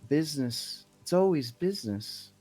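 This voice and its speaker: A man voicing an eerie young woman who talks in soft, cryptic, dreamy lines. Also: on the high side, animated, moderate pace, soft background music, pitched above the performer's own voice.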